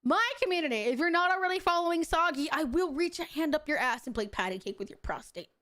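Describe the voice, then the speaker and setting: Young woman VTuber, higher voice, profane and exasperated, casual streaming chat. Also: animated, fast, fairly bright tone. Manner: profane, exasperated, laughs often, greets chat affectionately.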